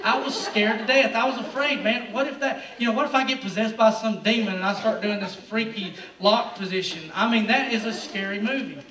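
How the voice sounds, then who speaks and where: Pastor, male, high voice, relaxed slangy sermon, heard from across an echoing church. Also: fairly quick, recorded from a distance. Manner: lively, slangy preaching to a youth crowd. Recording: roomy echo, speaker away from the mic.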